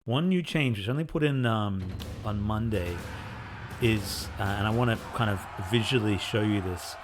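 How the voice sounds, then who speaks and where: A man with a fairly low voice talks through a playthrough of the game he is building. His delivery is relaxed and rambling, full of little fillers as he explains features. Faint music plays underneath. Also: moderate pace. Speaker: indie game developer. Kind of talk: casual gameplay devlog commentary.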